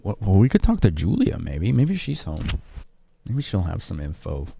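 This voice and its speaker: A man's voice: sits low, huge pitch swings, moderate pace, gravelly, warm tone, slightly rough. A man from Chicago streaming a game live, chatting casually with his viewers. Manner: casual, chatty, laughing with chat.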